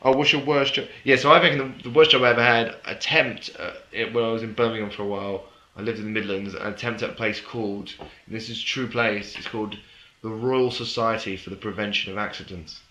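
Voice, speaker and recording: A man's voice: on the low side, fairly even intonation, quick pace, sharp tone, muffled recording. A man co-hosting a podcast, telling a story in casual chat and laughing often. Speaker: podcast co-host. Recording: echoey room, faint hiss.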